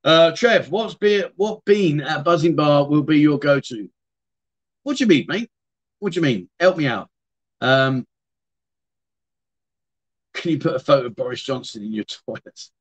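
A man's voice: on the high side, expressive, measured pace, pauses often. A middle-aged man hosting a casual livestream, rambling and chatting as he answers viewers' comments. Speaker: livestream host. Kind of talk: casual live-stream chat.

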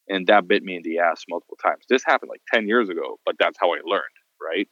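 A man's voice: sits low, fast talker, no echo, muffled recording. A man who works as a photographer tells stories in a casual podcast chat and acts out the people he quotes. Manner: animated storyteller, acts out quotes.

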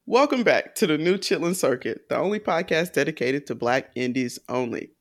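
A woman's voice: deep voice, lively intonation, normal speed, soft background music. A woman co-hosting a podcast, retelling a film plot in a laid-back, colloquial way with frequent laughs. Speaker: podcast co-host. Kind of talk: casual podcast chat.

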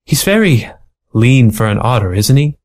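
A man's voice: mid-range voice, big pitch swings, normal speed, darkish tone, lightly acted. A man voicing a glamorous female mink widow, a femme fatale with a dramatic, distressed manner.

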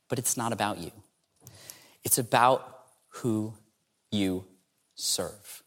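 A man's voice: mid-range voice, fairly bright tone. A man giving a humorous storytelling talk as a speaker at an entrepreneurship event, playfully acting out dialogue as he tells it. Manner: playful, acts out dialogue in the telling.

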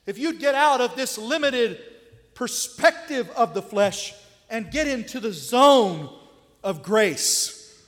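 A man's voice: very high-pitched, expressive, slow pace, long reverb tail. A man preaching a sermon in a conversational way, often asking his listeners rhetorical questions.

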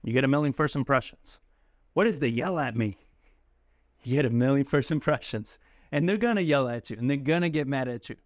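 A man coaching cold callers in a casual, talkative way who laughs often and acts out calls in a soft apologetic voice. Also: medium pitch, animated, a little fast, no room sound, studio quality. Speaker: sales coach. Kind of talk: coaching talk to camera.

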